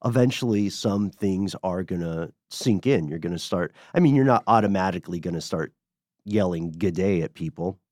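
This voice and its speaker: A man's voice: sits low, lively intonation, moderate pace, a little mellow, dry recording, clean studio sound. A man from Tennessee co-hosting a podcast, reading listener mail and chatting in an easygoing way, laughing often. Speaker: podcast co-host. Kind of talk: casual podcast chat.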